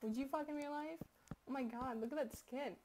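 A young woman giving casual gameplay commentary, crude and joking, with sudden loud outbursts. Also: high-pitched, fairly quick, a little hiss or hum. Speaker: gaming commentator.

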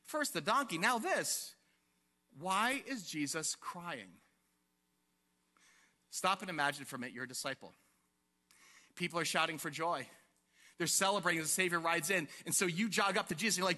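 A male pastor preaching an animated sermon to his congregation, asking them questions and acting out the scene. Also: on the high side, moderate pace, long pauses, big-room sound. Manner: animated, asks the congregation questions and acts out quotes. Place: church sanctuary.

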